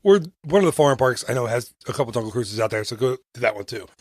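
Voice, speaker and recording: Man, podcast co-host, teasing and jokey, lively pitch, dry close sound. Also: fast, no echo. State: coughing now and then. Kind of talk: casual chat.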